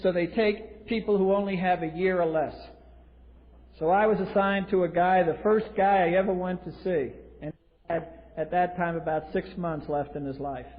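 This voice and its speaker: A man's voice: sits high, fairly even intonation, normal speed. Blunt, wry man on an old hall tape. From US East Coast. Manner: blunt and wry, with dry humor. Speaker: recovery meeting speaker. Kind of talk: personal recovery story at a podium. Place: large convention hall. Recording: tinny lo-fi 1980s tape in a reverberant hall.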